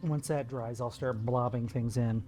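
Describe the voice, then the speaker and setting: A man's voice: mid-range voice, steady tone, unhurried, dark tone, soft background music. A man streaming live while he paints, chatting with viewers in a playful, jokey way. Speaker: art streamer.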